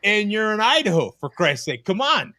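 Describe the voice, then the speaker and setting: A man hosting a casual live-stream chat over a video call, animated, laughing often and cursing casually. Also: sits high, moderate pace, no echo, clean studio sound. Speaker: host.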